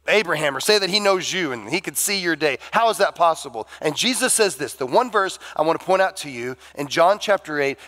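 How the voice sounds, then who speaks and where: A man preaching a sermon as pastor, animated and acting out the dialogue of the people in his story. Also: high voice. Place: church sanctuary.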